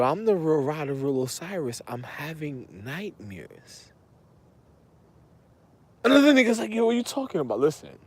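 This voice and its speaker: Erratic, repetitive man, lively pitch. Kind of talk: rambling monologue to camera.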